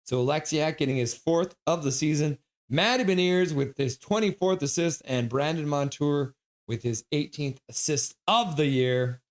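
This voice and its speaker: Excitable hockey play-by-play streamer. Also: mid-range voice. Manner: excitable, quick play calls with laughs. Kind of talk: live play-by-play commentary and chat reading.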